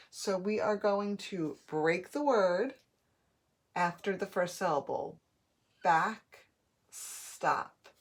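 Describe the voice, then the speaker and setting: A woman teaching a phonics lesson, sounding out words slowly and clearly, syllable by syllable. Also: lowish voice.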